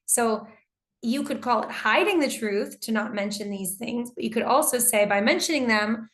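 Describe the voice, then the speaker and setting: A woman's voice: a little high, moderate pace. A woman teaching an online English class, reading out students' answers and commenting on each one. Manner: reads student answers aloud and comments warmly on them.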